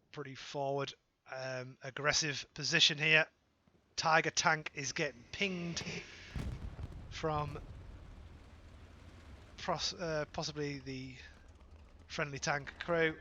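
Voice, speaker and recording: A British man calling a live game match, his voice bright and sitting a touch high. He talks playfully, throwing in jokes and correcting himself on the fly, with a faint hiss behind him. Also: flat delivery, lo-fi sound. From Britain. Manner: playful, joking asides and quick self-corrections. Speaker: esports caster.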